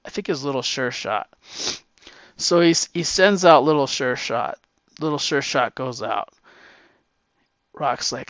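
Man, rambling storyteller, animated and profane, dry lo-fi recording. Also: mid-range voice, unhurried, pauses often, no echo. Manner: rambling, with many fillers and restarts. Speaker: guest answering a question. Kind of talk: casual storytelling. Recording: dull, slightly lo-fi dry sound.

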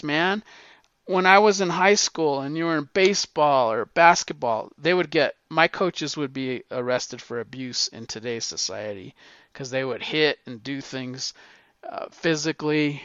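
A middle-aged man in a casual storytelling monologue, rambling and animated, with frequent swearing. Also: a little high, unhurried, smooth, no room sound. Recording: dull lo-fi recording, dry.

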